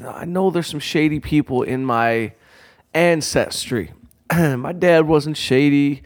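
A man from Detroit telling a rough personal story in a casual, profane way, acting out quoted lines as he goes. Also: fairly high pitch, slow. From Detroit, USA.

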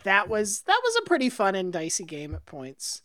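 A woman co-hosting a casual sports chat, breaking in with quick jokes. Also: medium pitch, huge pitch swings, a bit bright, dry recording, clean studio sound. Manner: quick, joking interjections. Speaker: podcast co-host.

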